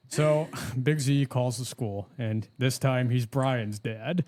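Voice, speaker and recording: A man's voice: mid-range voice, measured pace, few pauses, a little mellow. A man in his twenties co-hosting a podcast, swearing freely and filling his stories with "like". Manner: profane storytelling, lots of "like". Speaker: podcast co-host. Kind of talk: casual chat.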